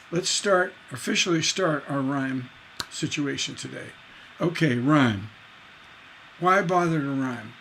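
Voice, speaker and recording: A man's voice: on the high side, a bit bright, slight background noise. A man teaching songwriting in a livestreamed lecture, explaining syllable stress by tapping out rhythms aloud.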